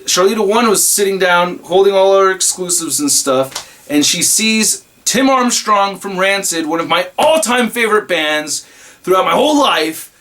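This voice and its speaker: A man who reviews toys online, excitedly telling a rambling story in a casual vlog. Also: high voice, moderate pace. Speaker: toy reviewer and YouTuber.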